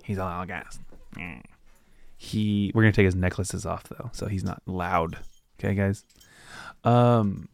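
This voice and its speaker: Low-voiced man casually recapping a book. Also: steady tone, takes it slowly, vocal fry, pauses often, dry recording. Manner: rambling, retells scenes with loose quoted asides. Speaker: podcast host. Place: at home with his dog.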